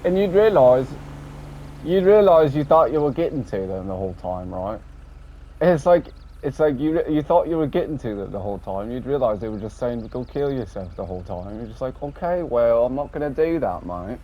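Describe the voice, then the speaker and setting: A man's voice: mid-range voice, animated, brisk, dark tone. Rambling man on a muffled recording. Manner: meandering, swears often, ends lines with a dropped "mate". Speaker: gamer recounting an online game session. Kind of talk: rambling casual monologue. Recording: dull lo-fi audio with faint background noise.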